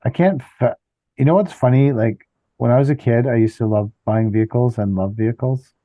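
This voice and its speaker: A man's voice: medium pitch, a little fast, dry recording. A man in his fifties co-hosting a podcast, ranting bluntly and with a lot of swearing. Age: 50s. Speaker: podcast co-host. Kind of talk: casual chat. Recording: dry, dull lo-fi audio.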